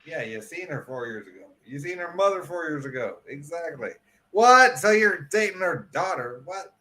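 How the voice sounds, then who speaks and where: An American man with an American accent teases and swears loudly in casual banter. His voice is bright and forceful. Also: fairly high pitch, expressive, normal speed. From United States. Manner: loud, teasing, swears a lot.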